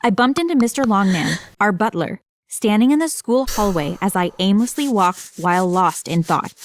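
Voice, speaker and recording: A woman narrating a first-person animated story in a dramatic, expressive storytelling manner. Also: mid-range voice, moderate pace.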